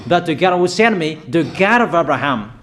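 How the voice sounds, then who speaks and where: A man's voice: fairly high pitch, expressive, normal speed, fairly bright tone. A man preaching a sermon of prophetic declarations, emphatic and repetitive in a declamatory way.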